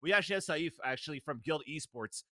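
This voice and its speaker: A man's voice: a little high, lively intonation, fast talker, sharp tone, dry recording, studio quality. A man hosting a casual podcast, upbeat and chatty as he introduces guests and segments. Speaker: podcast host.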